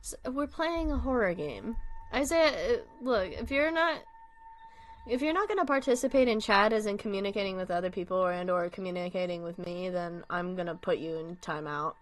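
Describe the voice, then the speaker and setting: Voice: mid-range voice, animated, a little fast. Chatty non-binary game streamer. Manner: chatty, reads game text aloud, laughs often; firm but gentle when scolding chat. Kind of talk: casual live game commentary.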